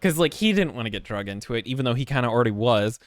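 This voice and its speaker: A man streaming and telling a story in casual chat, animated, swearing freely and laughing as he goes. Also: medium pitch, rapid-fire, dry recording.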